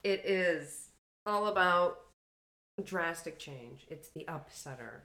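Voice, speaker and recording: A woman's voice: sits low, lively intonation, takes it slowly, pushed and bright. A woman co-hosting a podcast in casual, joking chat, swearing freely as she explains things. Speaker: podcast co-host.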